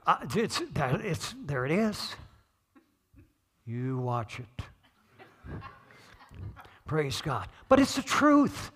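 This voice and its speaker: Casting: middle-aged male pastor, high bright voice, chatty sermon with loud peaks. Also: big pitch swings, very slow, pauses often, slight background noise. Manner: conversational, joking, swells to shouting on key points.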